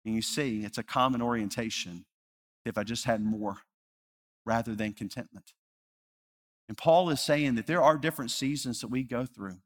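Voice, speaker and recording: A male pastor preaching a sermon, earnest, rising to loud emphasis and dropping to hushed, slow repetition. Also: medium pitch. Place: church sanctuary. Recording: reverberant church hall.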